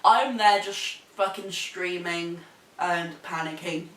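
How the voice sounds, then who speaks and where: A young woman with a New Zealand accent telling a story in a sweary, animated way, laughing as she goes. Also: fairly low pitch, takes it slowly. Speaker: vlogger. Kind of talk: casual storytelling. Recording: echoey room, mic at a distance.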